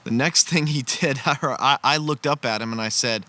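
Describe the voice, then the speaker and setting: Bright-voiced male storyteller, earnest and conversational, recorded outside by a fire. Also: mid-range voice, normal speed. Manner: earnest, conversational, with frequent restarts. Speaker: storyteller sharing a personal testimony. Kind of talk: casual spoken storytelling. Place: outdoors beside a campfire.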